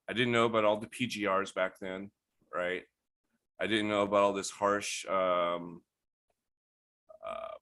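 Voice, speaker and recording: A man telling stories in a casual, profane, animated way, often laughing, as a guest on a podcast. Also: fairly low pitch. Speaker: guest grower. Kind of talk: casual storytelling.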